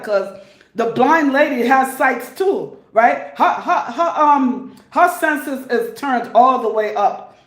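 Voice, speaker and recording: A woman giving casual advice to her viewers, emphatic and rambling, repeating her points for stress. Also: high-pitched. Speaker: vlogger. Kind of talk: casual advice monologue to camera. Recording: echoey room.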